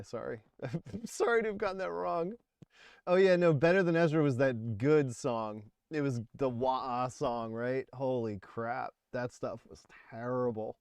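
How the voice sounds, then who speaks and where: A man's voice: medium pitch, a little mellow, clear, resonant tone, dry recording. A man in his forties hosting a casual livestream, rambling and laughing as he talks about music. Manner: rambling, chatty, laughs often. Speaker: livestream host.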